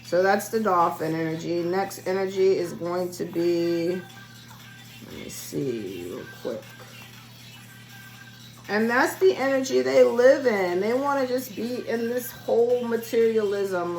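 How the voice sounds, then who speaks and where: A woman's voice: medium pitch, lively intonation, measured pace, a little mellow, faint music behind, low-quality recording. A woman giving a spiritual reading in a casual solo vlog, chatty and rambling as she talks straight to her viewers. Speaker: spiritual reader.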